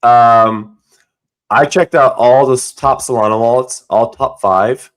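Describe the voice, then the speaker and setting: A man's voice: mid-range voice, steady tone, unhurried. Easygoing man co-hosting a community call. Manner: easygoing, agreeable, many fillers and yeps. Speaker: co-host of a weekly community call. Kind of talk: casual promotional chat.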